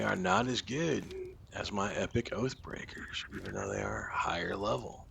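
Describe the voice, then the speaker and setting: Male gaming host, deep gravelly voice, rambling let's-play talk over a noisy background. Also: moderate pace, a bit bright. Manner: rambling, thinks aloud with fillers and muttered asides. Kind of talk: casual let's-play commentary.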